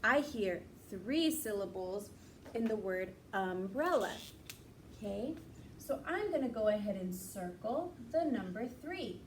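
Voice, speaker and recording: Slow, encouraging woman teacher. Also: mid-range voice, expressive, a little hiss or hum. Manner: slow, encouraging, stretches words out. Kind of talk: classroom lesson for young children.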